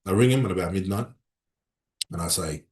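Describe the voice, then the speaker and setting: A middle-aged man with an Australian accent hosting a casual livestream from a room in a consulate, chatting and reading out viewer comments in an animated, rambling way. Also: low-pitched, brisk. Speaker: livestream host. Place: room inside a consulate building. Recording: roomy echo.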